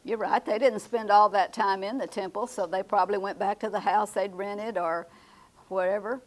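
A woman's voice: medium pitch, steady tone, normal speed, low-quality recording. An older woman leading a Bible study class in a conversational way, repeating her students' answers and often chuckling. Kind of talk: Bible class teaching with questions.

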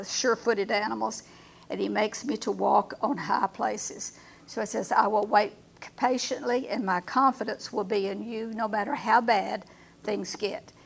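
A woman leading a Bible study class, reading verses slowly and asking her group questions. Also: medium pitch, creaky.

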